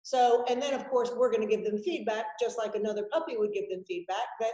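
A woman with a fairly high voice teaches dog owners over a video call, chatty and animated. Her voice rings in an echoey home room. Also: quick pace. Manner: chatty and animated, acts out puppies and dramatic yelps. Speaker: dog trainer teaching a class. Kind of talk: informal online class lecture. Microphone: video call microphone.

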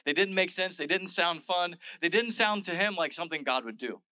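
Guy pastor preaching super casual, retelling bible bits in everyday talk, sharp bright voice, dry close sound. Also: high voice, fairly quick, no echo, rough recording. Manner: chatty and informal, full of "like" and "all right"; retells scripture in modern everyday speech. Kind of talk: casual conversational sermon.

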